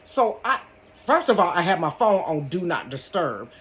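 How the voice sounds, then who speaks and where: An older woman tells a story from her bedroom. She is dramatic and animated and keeps calling her listeners honey and baby. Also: on the low side, moderate pace, slight background noise. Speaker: vlogger. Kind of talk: casual storytime.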